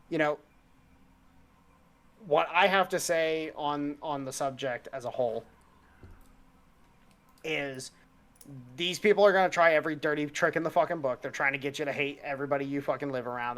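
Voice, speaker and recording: A man's voice: fairly high pitch, fairly bright tone, clear, resonant tone. A man co-hosting a casual podcast, talking in a heated, rambling and profane way. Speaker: podcast co-host.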